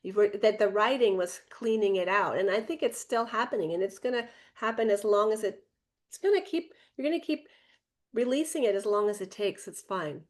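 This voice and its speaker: A woman's voice: medium pitch, fairly quick. A woman hosting an online book-launch interview, who reads an introduction and then responds with affirming murmurs. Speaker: host.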